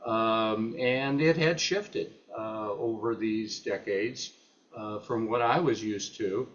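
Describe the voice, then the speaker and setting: This muffled recording captures a lowish male voice: an older retired professor speaking off the cuff at a meeting. His delivery halts constantly, packed with fillers and false starts.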